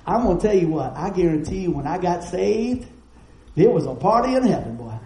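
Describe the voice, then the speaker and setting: High-voiced preacher, dark and folksy. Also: male voice, reverberant, slight background noise, low-quality recording. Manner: folksy storytelling, animated, quick asides. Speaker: pastor. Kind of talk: sermon.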